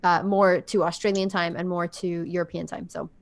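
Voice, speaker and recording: A woman co-hosting a podcast in casual chat, telling stories with animated delivery and frequent laughter. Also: lowish voice, fairly quick. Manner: animated storytelling, laughs often.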